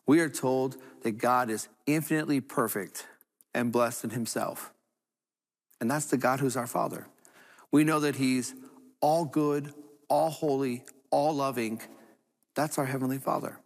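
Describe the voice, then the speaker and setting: A man's voice: medium pitch, fairly even intonation, unhurried. A man preaching an earnest sermon as a Catholic priest, telling a story and repeating phrases for emphasis.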